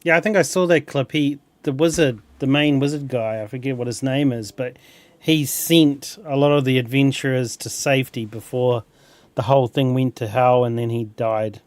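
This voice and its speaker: A man's voice: mid-range voice, moderate pace, no echo. A young man chatting casually over a game, rambling, chuckling often and restarting words. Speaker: gameplay streamer. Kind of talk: casual gameplay chat.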